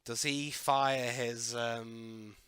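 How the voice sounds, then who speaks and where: A man's voice: mid-range voice, steady tone, drawn-out words, a bit bright, clear, resonant tone, no room sound, clean studio sound. A man co-hosting a casual movie commentary with wry, joking remarks. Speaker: podcast co-host.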